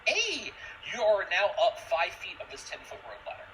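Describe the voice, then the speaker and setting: A man's voice: sits high, very animated, quick pace, a bit bright, a little hiss or hum, low-quality recording. A young man running a tabletop game as game master, jokey and casual as he explains the rules.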